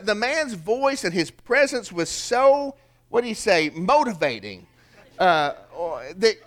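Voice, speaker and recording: Older preacher with a higher voice. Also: male voice, fairly bright tone. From American South. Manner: folksy, preaching with rising emphasis and rhetorical questions. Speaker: pastor. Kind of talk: sermon with storytelling.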